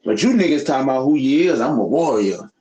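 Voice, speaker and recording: A man's voice: mid-range voice, animated, quick pace, warm tone. A man giving opinionated casual commentary as a podcast host, in a heated, profane, preachy rant full of rhetorical questions. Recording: echoey room.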